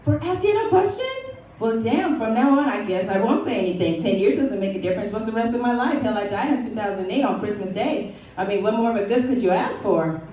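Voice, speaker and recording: A woman's voice: a little high, expressive, a little fast, warm tone, slight background noise, close to an everyday voice. A woman comic playing a glamorous older star in a live stand-up act, telling her story in a dry, mock-haughty way. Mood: sardonic. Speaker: comic performing a historical figure. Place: small coffee bar, live show. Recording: roomy live room, mic from far.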